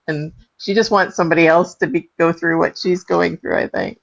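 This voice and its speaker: A woman's voice: lowish voice, steady tone, normal speed, gravelly, hardly any pauses, a bit bright, dull audio. A woman chatting casually on a livestream, telling stories in an easygoing, matter-of-fact way. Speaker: livestream co-host. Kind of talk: casual chat.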